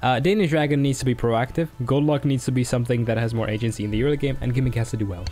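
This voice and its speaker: A man's voice: medium pitch, fairly even intonation, rapid-fire, darkish tone, faint music behind. A man casting an esports match, breaking down picks and teasing his co-caster.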